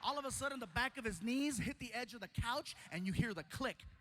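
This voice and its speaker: High bright-voiced comedian guy telling a story on stage, playful, acts out voices, a bit of hiss behind. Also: animated, fairly quick. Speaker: stand-up comedian. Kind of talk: stand-up storytelling.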